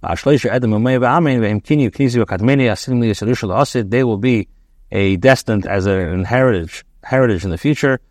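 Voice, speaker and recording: Man, rabbi, daily study class, phrase-by-phrase reading and translation, ums and self-corrections, mid-pitched voice, dry sound. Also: fairly quick, dry recording. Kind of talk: reading and translating Hebrew text line by line.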